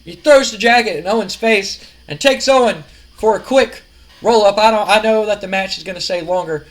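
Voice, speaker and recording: A man casually narrating a wrestling sim game, rambling and animated with lots of fillers. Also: high-pitched, normal speed, poor audio. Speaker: gaming video host.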